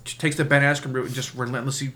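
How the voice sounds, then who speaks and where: Fast bright-voiced man rambling. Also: mid-range voice, little pitch movement, a little hiss or hum. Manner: rambling, laughing, self-interrupting. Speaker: podcast co-host. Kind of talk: casual group chat.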